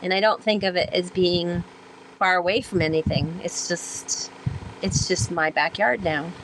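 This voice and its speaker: A woman guest on a podcast who is a sailor and author, telling her experiences in an animated, rambling way with many fillers and acted-out quotes. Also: fairly low pitch, moderate pace, background noise. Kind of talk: conversational storytelling interview.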